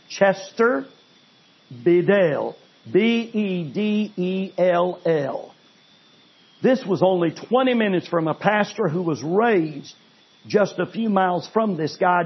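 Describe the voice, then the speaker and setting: A man preaching a sermon, telling a story dramatically and swinging between loud intensity and hushed pleading. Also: sits high, slightly rough, muffled recording.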